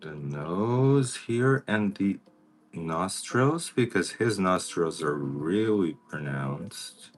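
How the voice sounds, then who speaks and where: A man doing a makeup transformation on a livestream, talking casually to viewers and now and then greeting them by name in an excited high voice. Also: slow, soft background music. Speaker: makeup artist vlogger.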